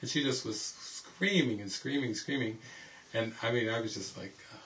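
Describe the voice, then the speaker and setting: A man at a middle pitch gives an informal retreat teaching, rambling from one story to the next and breaking into laughter often. He is recorded from some distance, with faint background noise and an occasional click. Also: moderate pace, fairly bright tone. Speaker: spiritual teacher. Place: indoor retreat gathering.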